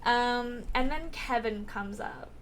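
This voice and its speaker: A woman's voice: fairly high pitch, slow pace, a bit bright, slight background noise. A woman vlogger recapping a TV episode in a casual, rambling way, with lots of filler words and swearing.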